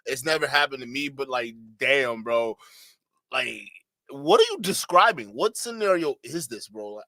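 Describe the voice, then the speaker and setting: Reaction-stream host: man, fairly high bright voice, slangy, laughs often, incredulous. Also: animated, normal speed, no echo. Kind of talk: casual reaction stream talk.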